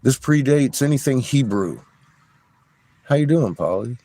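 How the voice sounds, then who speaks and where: A middle-aged man rambling excitedly and profanely in a casual monologue, showing off rocks from inside an RV. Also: mid-range voice, a little slow.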